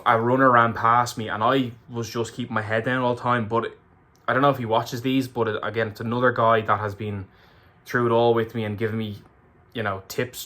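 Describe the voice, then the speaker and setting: A man's voice: on the low side, sharp tone. An Irish man recapping a race to camera in a candid, emotional way, swearing freely. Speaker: ultramarathon runner vlogger.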